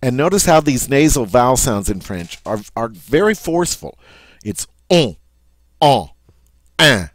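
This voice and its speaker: A man's voice: medium pitch, big pitch swings, moderate pace, no room sound. A man teaching French pronunciation, patiently modeling each sound and checking in with "all right?" as he goes. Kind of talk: pronunciation lesson.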